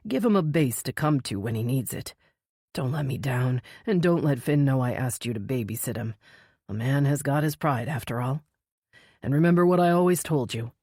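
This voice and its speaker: A man's voice: mid-range voice, a little mellow, breathy edge, no echo, studio quality. A woman voicing a dying older male mentor, blunt and folksy in a farewell letter.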